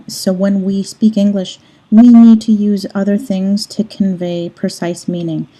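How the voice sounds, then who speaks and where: A woman teaching a language lesson, explaining patiently and slowing down to pronounce example words. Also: mid-range voice, warm tone. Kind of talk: recorded lecture.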